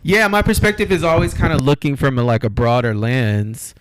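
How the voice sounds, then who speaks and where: A man hosting a podcast in casual chat, talking in an animated, rambling way and getting riled up as he makes his points. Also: medium pitch, brisk, background noise. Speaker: podcast host.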